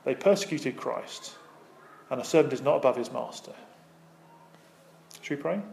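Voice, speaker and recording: A man's voice: medium pitch, expressive, normal speed, vocal fry, darkish tone, a little hiss or hum. A man preaching a sermon as pastor, speaking with emphatic, rising and falling intensity and asking the congregation rhetorical questions.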